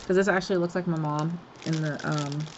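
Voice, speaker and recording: A woman's voice: low-pitched, fairly even intonation, a little fast, lo-fi sound, background noise. A woman hosting a craft swap, chatting casually and gushing over each item as she unboxes it, laughing often.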